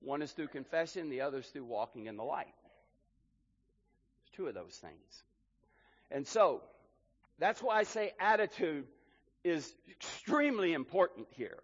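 A man preaching a sermon as pastor, rising and falling sharply in loudness for emphasis. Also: on the high side, big-room sound, highs cut off. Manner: preaching with emphatic rises and drops in volume. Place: church hall.

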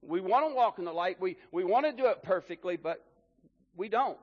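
Pastor, male, high voice, preaching with swings between loud and soft, muffled hall recording. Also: expressive, moderate pace. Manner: preaching with emphatic rises and drops in volume. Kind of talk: sermon. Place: church hall.

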